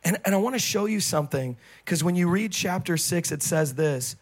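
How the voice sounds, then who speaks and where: High-voiced male pastor preaching with humor. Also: normal speed. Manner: lively preaching, laughs often, jokes with the congregation. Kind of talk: sermon.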